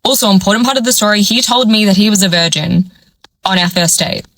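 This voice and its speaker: A woman's voice: medium pitch, quick pace, low-quality recording. A young woman telling a dating storytime, acting out what people said along the way. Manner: animated, acts out quoted dialogue. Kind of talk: storytime vlog.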